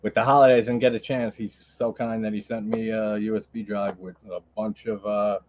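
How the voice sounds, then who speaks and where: A man's voice: lowish voice, little pitch movement, fairly quick, a little hiss or hum. A man co-hosting a casual movie chat stream, laid-back and filler-heavy, laughing often. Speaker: podcast co-host.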